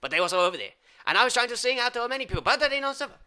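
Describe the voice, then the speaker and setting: A man doing an improvised comic monologue. He rambles absurdly in mock-foreign phrasing and swings from loud outbursts to whispers. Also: very high-pitched, animated, racing, smooth. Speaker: improv comedian.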